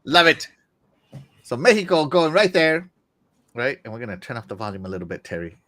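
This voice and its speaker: Male gaming podcast host, excitable and jokey, bouncy delivery, dry close sound. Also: mid-range voice, a little fast, no echo. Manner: excitable, jokey, trails off quietly. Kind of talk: casual gaming talk show.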